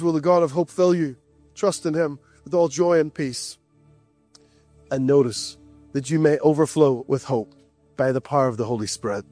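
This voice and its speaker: A man's voice: fairly high pitch, darkish tone. A man preaching a sermon to a church, earnest and conversational, repeating his key phrases.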